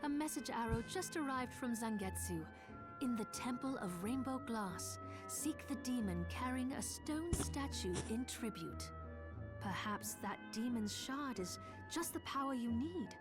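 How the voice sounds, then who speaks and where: An actress playing a determined young heroine in a gothic video game, earnestly reading out clues and messages. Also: female voice, a little high, expressive, a little slow. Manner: earnest, matter-of-fact narration of clues. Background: game music.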